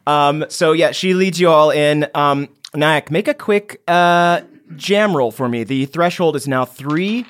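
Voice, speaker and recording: A man running a tabletop game as game master, narrating in a relaxed way with many fillers. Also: fairly high pitch, unhurried, few pauses, smooth.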